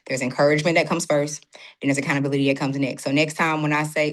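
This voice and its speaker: A woman's voice: low voice, level tone, fast talker. A woman guest in a casual faith conversation, talking animatedly and acting out her own inner dialogue. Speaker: podcast guest.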